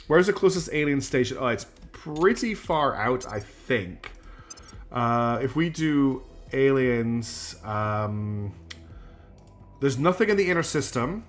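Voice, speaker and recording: A man streaming live, thinking aloud through his gameplay and chatting back to viewers. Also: mid-range voice. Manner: thinks aloud while playing and answers chat.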